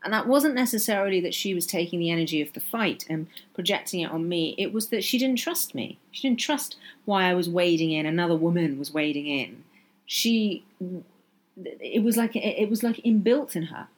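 A woman's voice: lowish voice, animated, moderate pace. A woman hosting a solo podcast, talking earnestly and with passion, driving her points home by repeating them. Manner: earnest, impassioned, emphatic repetition. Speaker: podcast host.

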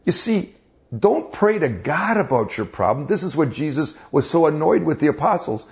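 Gravelly-voiced man preaching conversationally. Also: fairly high pitch, big pitch swings, moderate pace, a little mellow. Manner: earnest, asks rhetorical questions, stumbles and repeats words. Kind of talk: conversational devotional teaching.

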